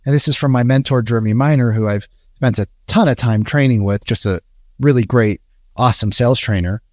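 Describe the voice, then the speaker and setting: A man's voice: mid-range voice, fairly quick, a little mellow, no room sound. Man coaching on sales in a dry room. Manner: conversational, often asks "right?" and acts out sample calls. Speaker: sales trainer. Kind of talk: casual coaching talk.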